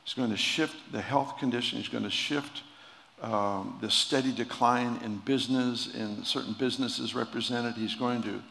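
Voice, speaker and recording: A male preacher delivering a sermon with jokes, jokey and halting with restarts, to an audience in a large hall. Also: mid-range voice, steady tone, vocal fry, bright, forceful tone. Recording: long hall reverb, faint noise.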